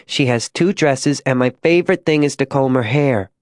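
A man voicing a six-year-old frontier girl who asks soft, childlike questions. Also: mid-range voice, moderate pace, no room sound, studio quality, lightly acted. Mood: innocent.

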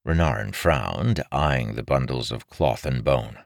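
A man narrating a fantasy novel in a measured, expressive storytelling manner. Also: a bass voice, vocal fry, dry recording, studio quality. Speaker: audiobook narrator.

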